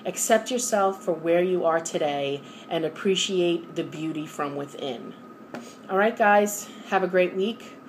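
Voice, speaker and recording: A woman's voice: fairly low pitch, measured pace, slight background noise. A middle-aged woman with a New York accent, talking candidly and earnestly in a personal vlog, giving motivational encouragement to her viewers. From New York area. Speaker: vlogger.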